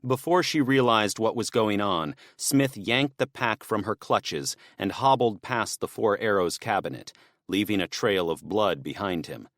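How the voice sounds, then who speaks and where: With a fairly low pitch, a man reads audiobook narration from a script at a steady, measured pace. It's a dry recording of studio quality.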